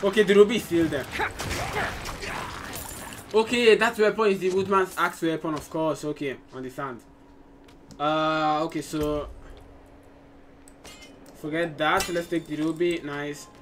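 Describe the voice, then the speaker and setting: A man hosting a gaming channel, giving excitable live gameplay commentary with frequent exclamations and repeated phrases. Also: on the high side, unhurried, pauses often, noisy background. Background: game music.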